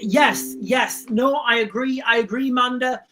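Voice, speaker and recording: A man's voice: extremely high pitch, measured pace, hardly any pauses, pushed and bright. A man hosting a livestream, reading out viewer comments and answering them in a rambling, blunt, repetitive way. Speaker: livestream host.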